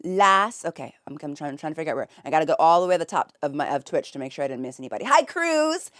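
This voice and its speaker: A woman's voice: low voice, big pitch swings, fast, a bit bright, no echo, studio quality. A woman streamer chatting casually and greeting her chat from her home office, giggly and effusive. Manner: giggly and effusive, with frequent laughs.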